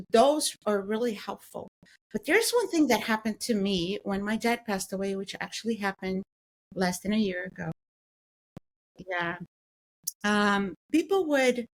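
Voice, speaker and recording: A woman with a mid-range voice speaks earnestly in a podcast conversation. She talks from the heart and brightens when she quotes what people say. Her tone stays sincere throughout. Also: medium pitch.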